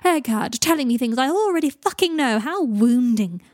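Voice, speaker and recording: A woman's voice: a little high, lively intonation, fairly quick, darkish tone, slightly rough, no echo, studio quality. A woman voicing a sardonic, dramatic young wizard who is dying. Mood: sarcastic.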